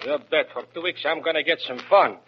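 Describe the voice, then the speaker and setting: A man's voice: a little high, brisk, breathy edge. Laughing man in old lo-fi radio comedy. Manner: broken-English comic patter, laughing at own jokes. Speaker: comedy show host. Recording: dull lo-fi old radio recording with hiss.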